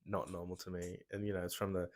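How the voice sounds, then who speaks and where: A young man from Australia with an Australian accent, chatting casually as a podcast guest, relaxed and dryly teasing. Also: low voice, quick pace. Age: young adult. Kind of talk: casual chat.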